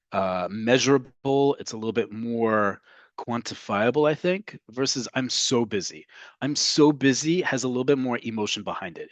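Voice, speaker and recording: Man, language teacher, mid-pitched voice, explanatory, dry recording. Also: dry recording. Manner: explanatory, checks in with "right?" often; slows down to model Hebrew phrases. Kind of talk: online language lesson.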